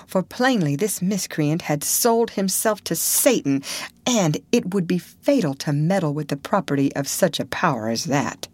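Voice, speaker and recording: A woman reading a classic novel aloud in measured, expressive audiobook narration. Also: lowish voice, no echo. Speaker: audiobook reader.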